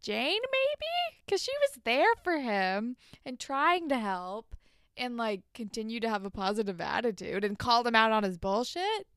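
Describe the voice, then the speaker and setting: A woman's voice: big pitch swings, normal speed, fairly bright tone, clean tone, dry recording. A young woman co-hosting a casual podcast, recapping a TV episode and acting out the characters' lines. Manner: chatty, acts out characters' lines with big pitch jumps. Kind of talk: casual chat.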